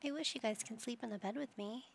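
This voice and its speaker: A woman's voice: on the high side, fast, vocal fry, a little hiss or hum. A young adult woman casually commenting on her gameplay, cooing and doting as she talks to the pets in her game. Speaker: gaming channel host.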